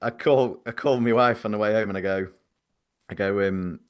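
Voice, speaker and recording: A man's voice: on the low side, moderate pace, clear, resonant tone. A man, co-hosting a podcast, telling a story casually with lots of fillers. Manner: rambling, filler-heavy, laughs while telling. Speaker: podcast co-host.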